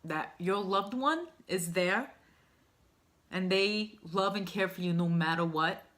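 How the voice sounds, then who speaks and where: A woman's voice: mid-range voice, takes it slowly, a bit bright. A woman vlogger telling a personal story to camera in a candid, emotional, rambling way. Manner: emotional, heartfelt, rambling with fillers.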